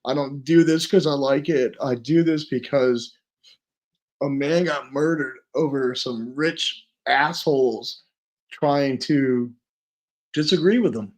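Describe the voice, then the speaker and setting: Emotional man speaking haltingly. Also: medium pitch, darkish tone. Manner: halting, emotional, self-deprecating. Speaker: guest witness. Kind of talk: emotional podcast interview.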